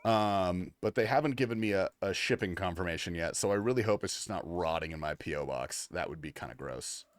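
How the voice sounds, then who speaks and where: A man's voice: low voice, lively intonation, a little fast, few pauses. A young man from the United States chatting casually on a game livestream, reading chat and swearing freely. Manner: casual, swears and laughs, reads chat aloud. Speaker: livestream gamer.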